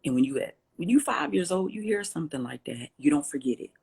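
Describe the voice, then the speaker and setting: A woman guest in an interview, telling a personal story with lively, acted-out dialogue. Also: deep voice, quick pace, creaky, husky. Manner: animated storyteller, acts out quoted dialogue.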